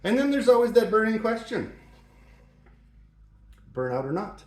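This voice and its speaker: A man's voice: sits high, very animated, moderate pace, a little mellow. A middle-aged man hosting a joking advice talk, playful and mock-serious, in a home shop. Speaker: host. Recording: roomy echo.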